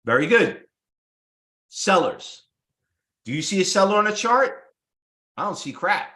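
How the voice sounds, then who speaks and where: A man's voice: high-pitched, very animated, a little slow, sharp tone, roomy sound. A man teaching stock trading to a live class, blunt and salesy, firing off rhetorical questions. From United States. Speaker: trading instructor. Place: room with live students.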